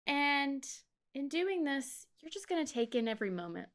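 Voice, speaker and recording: A woman co-hosting a podcast who chats casually and talks slowly and soothingly as she leads a guided meditation. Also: high voice, big pitch swings, fairly bright tone. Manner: slow, measured, soothing delivery. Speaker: podcast co-host.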